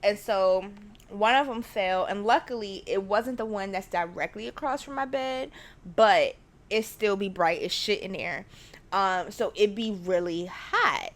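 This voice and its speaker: A woman hosting her own podcast from her living room, chatting casually in a rambling, excitable way and often dropping to a whisper. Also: mid-range voice, unhurried. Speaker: podcast host. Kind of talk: casual solo chat. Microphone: studio mic at home.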